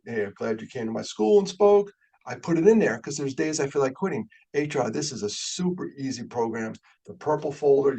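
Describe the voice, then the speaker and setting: Fired-up older man with a gravelly voice. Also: medium pitch. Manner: animated, gets fired up. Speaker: keynote speaker. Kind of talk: storytelling talk. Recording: webinar audio.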